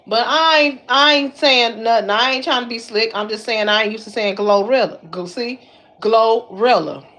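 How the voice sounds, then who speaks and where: Talking directly to her audience, this Detroit woman runs her own YouTube commentary in a high pitch packed with slang. Her casual chat is lively and full of exclamations, keeps looping back to the same words, and comes out a bit breathless as she lifts weights.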